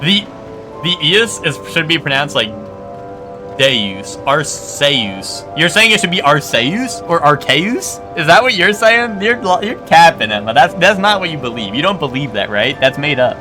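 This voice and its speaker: A man's voice: a little high, big pitch swings, normal speed, music in the background. A man streaming a game and chatting casually, rambling and playfully arguing with his chat. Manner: rambling, self-correcting, argues playfully with chat. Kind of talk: casual live-stream chat while gaming.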